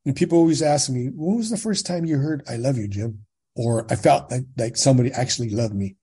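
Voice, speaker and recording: A man in his sixties from California recounts his life as a guest, his voice mellow and slightly husky. He speaks at a middling pitch and brings past conversations back to life by acting out each side. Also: a little fast. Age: 60s. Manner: animated retelling, quotes dialogue, frequent tag questions. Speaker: podcast guest. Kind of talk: personal storytelling in conversation.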